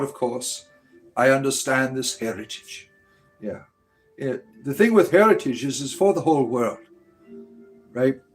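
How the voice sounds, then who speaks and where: Rambling American man hosting a livestream. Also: mid-range voice. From United States. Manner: rambling, tags lines with "right?". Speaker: livestream host reading chat. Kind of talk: casual livestream chat.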